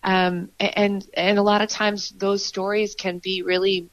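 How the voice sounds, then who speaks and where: A woman's voice: medium pitch, little pitch movement, a little slow, no room sound, highs cut off. A woman improv performer as a podcast guest, talking in an earnest, reflective way with frequent fillers and restarts. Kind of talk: conversational interview.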